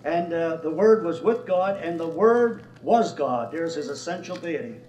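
A man's voice: fairly high pitch, expressive, normal speed, a little mellow. A man teaching at a Bible study, earnestly expounding scripture. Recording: roomy sound, far from the mic.

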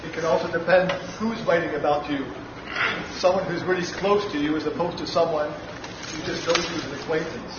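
A man speaking gently and prayerfully in a Bible discussion. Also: fairly high pitch, steady tone, brisk. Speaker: participant in a Bible study. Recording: distant, echoey, muffled and noisy.

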